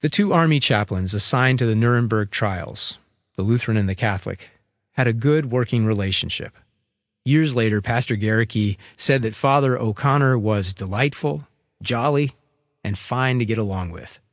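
A man's voice: lowish voice, dry recording, clean studio sound. Man reading scripture in a sermon. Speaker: preacher.

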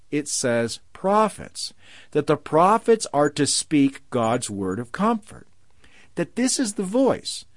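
A man preaching a sermon. He slows down and lifts his voice for emphasis when he quotes scripture. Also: mid-range voice, no room sound, clean studio sound.

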